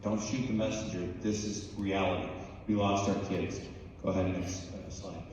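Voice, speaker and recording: A man's voice: deep voice, level tone, moderate pace, darkish tone, a little hiss or hum. A man speaking bluntly and plainly to students at a school assembly. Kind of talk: spoken talk to students. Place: large school hall. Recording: echoey hall recorded from far off.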